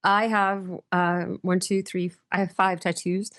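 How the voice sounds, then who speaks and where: A middle-aged woman pastor speaks on a close podcast mic with no room sound. Her voice sits a little low. She tells stories with energy and acts out the people in them. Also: a little slow, smooth, dry recording. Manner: lively storyteller, acts out quoted voices. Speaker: guest pastor. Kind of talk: casual storytelling interview.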